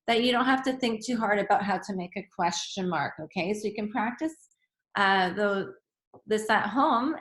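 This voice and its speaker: A woman teaches a lesson for young children in a patient, encouraging way. Her voice sits at an ordinary middle pitch. The room around her is roomy and echoey. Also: fairly bright tone.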